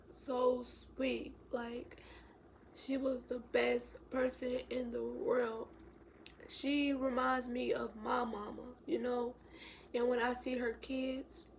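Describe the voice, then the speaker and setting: Tearful young woman with a gravelly voice. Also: a little high, a little hiss or hum. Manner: emotional, tearful, drops to a whisper. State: close to crying. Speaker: vlogger. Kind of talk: storytime vlog.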